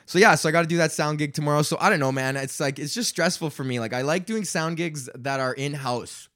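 A man's voice: fairly high pitch, fast. Profane rambling man ranting. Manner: profane, rambling, animated storytelling. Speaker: podcast host. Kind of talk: casual solo rant.

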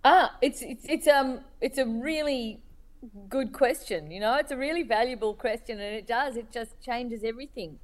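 A woman cartoonist being interviewed, speaking thoughtfully with many pauses, fillers and restarts. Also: fairly high pitch. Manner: hesitant, many restarts and fillers, laughs while telling stories.

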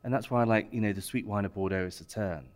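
A man's voice: lowish voice, quick pace. A man hosting a casual chat, hesitant, often stammering and repeating words. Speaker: host.

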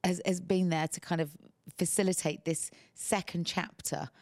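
Low gravelly woman interviewer. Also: steady tone, moderate pace, a little mellow, no echo. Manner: supportive, prompting questions. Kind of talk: casual interview chat.

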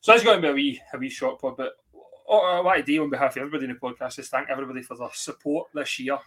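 A man's voice: mid-range voice, racing, a bit bright. A Scottish man hosting a football podcast, chatting casually with lots of swearing and laughter. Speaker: podcast host. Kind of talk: casual chat.

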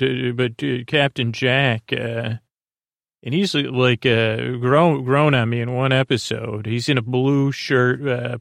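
A man's voice: medium pitch, vocal fry, dry recording, clean studio sound. A man hosting a podcast, recapping an episode in a casual, rambling way with many fillers and self-corrections. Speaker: podcast host.

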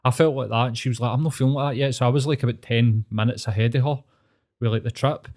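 A man's voice: medium pitch, fairly even intonation, fast talker, darkish tone. Sweary Glaswegian man telling a story. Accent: Scottish, Glaswegian. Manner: sweary, rambling, earnest. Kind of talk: casual storytelling chat.

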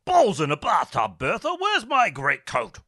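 A man voicing a cranky wealthy gentleman who blusters and curses colourfully. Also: high voice, wildly swooping pitch, measured pace, voice pushed up, full character voice. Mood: indignant. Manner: blustering, creative cursing.

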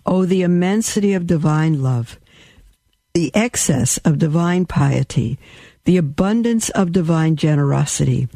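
A male radio host with a fairly high, gravelly voice reads a sacred text slowly and devoutly. His tone is dark and mellow, and he drops into casual asides to his listeners between passages. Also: no room sound. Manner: slow, devout reading broken by chatty asides to listeners. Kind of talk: reading a religious text aloud with asides.

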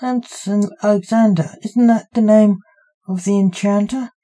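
A woman's voice: medium pitch, fairly even intonation, a little slow, warm tone, lightly acted. A woman voicing a sceptical male crime boss sharing a prison cell in an audio story, asking one question after another. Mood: quizzical.

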